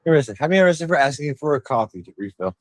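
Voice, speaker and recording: A man's voice: fairly high pitch, sing-song, fast talker, no echo. A tipsy man live streaming while walking outdoors, rambling and bantering rowdily with his chat on a handheld phone. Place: outdoors on town streets.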